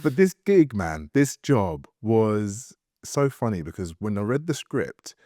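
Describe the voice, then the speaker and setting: A man, a podcast guest telling animated stories with many fillers and restarts, and laughing often. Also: on the low side, unhurried, no echo, studio quality. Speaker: guest, actor and studio founder. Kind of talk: casual podcast storytelling.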